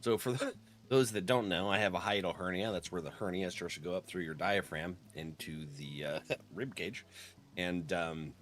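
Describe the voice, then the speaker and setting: A man's voice: sits low, moderate pace. A man casually chatting with his live-stream viewers, laughing often and greeting them by name.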